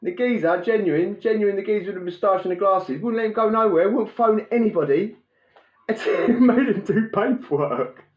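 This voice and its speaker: A man telling a prison story in a casual, animated way, laughing and acting out the scene with sound effects. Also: high voice, normal speed. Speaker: podcast host telling prison stories. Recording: roomy, dull lo-fi sound.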